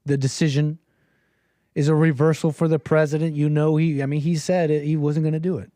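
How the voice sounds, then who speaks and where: A man's voice: fairly high pitch, little pitch movement, fairly quick, mellow, dry recording, clean studio sound. A man hosting a call-in livestream, chatting in a rambling, playful way with his viewers. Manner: rambling, playful, talks to the chat. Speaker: call-in show host. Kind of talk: casual livestream chat.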